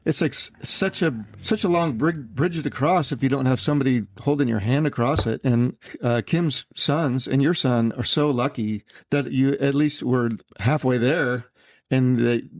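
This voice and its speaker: A male podcast host with a mid-pitched, everyday voice. He speaks earnestly and haltingly, with restarts as he moves the conversation along. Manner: earnest, halting, leads the questions. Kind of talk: casual interview.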